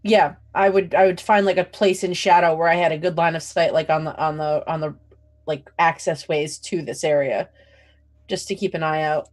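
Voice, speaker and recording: A woman's voice: low-pitched, fairly even intonation, normal speed. A woman playing a tabletop game, talking casually and hesitantly, with many "like"s. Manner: hesitant, lots of "like". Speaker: player.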